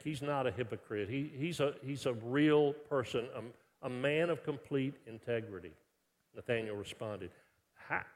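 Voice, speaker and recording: Pastor preaching in a big hall. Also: male voice, medium pitch. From Texas. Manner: animated, conversational preaching with many restarts, dropping soft for scripture. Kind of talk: sermon. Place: large church worship center. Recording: long reverb of a large hall.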